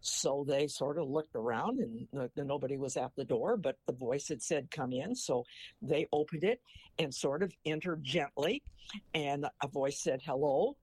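A man's voice: a little high, darkish tone, husky, no echo. A man in his eighties from Missouri, chatting in a folksy way and telling an old joke that leads into a moral. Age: 80s. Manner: folksy storyteller who ends a joke with a moral. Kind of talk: casual chat.

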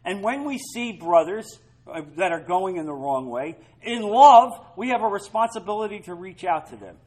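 A man preaching a sermon as pastor, emphatic, swinging between loud stresses and quiet asides. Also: high voice, lively intonation, moderate pace, poor audio.

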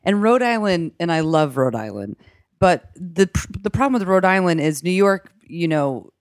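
A middle-aged woman rambles animatedly in a casual podcast chat. Her voice sits fairly low for a woman. The sound is dry and close to the mic. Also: no room sound. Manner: animated, rambling, quick asides. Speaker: comedian.

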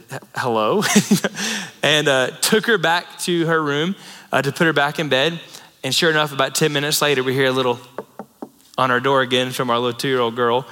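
A man's voice: mid-range voice, bright, forceful tone. A man in his thirties preaching a sermon in a conversational, storytelling way, with asides to the congregation. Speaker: pastor. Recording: long reverb in a large hall.

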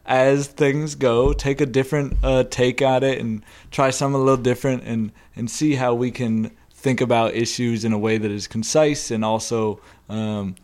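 A young adult man co-hosting a casual podcast, talking in a halting way with many ums and restarts. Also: medium pitch, flat delivery, a little mellow. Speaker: podcast co-host.

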